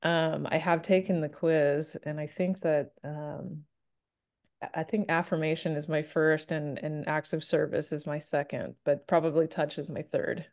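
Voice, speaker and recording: A woman's voice: low voice, flat delivery, a little slow, darkish tone. A woman chatting casually as an interview guest, giggly and full of fillers. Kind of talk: casual chat.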